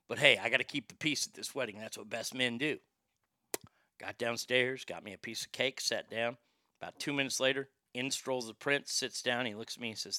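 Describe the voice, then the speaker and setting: A man's voice: medium pitch, fairly quick, sharp tone, dry recording, studio quality. A man, the show's host, telling a long personal anecdote in a casual, profane, conversational way with frequent restarts.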